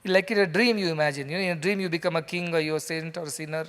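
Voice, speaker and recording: A man with an Indian English accent delivers a spiritual lecture in a conversational, storytelling way, often turning to the audience with questions. His voice sits high for a man. The sound carries a long reverb from a large hall. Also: fairly even intonation, racing, a bit bright, smooth. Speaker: spiritual teacher. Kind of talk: scripture lecture to a live audience.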